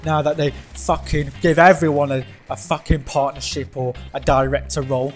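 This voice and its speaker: A young man delivering a crude, sweary comedic rant, mocking people and bursting into shouts. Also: a little high, little pitch movement, moderate pace, faint music behind. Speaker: gaming channel ranter.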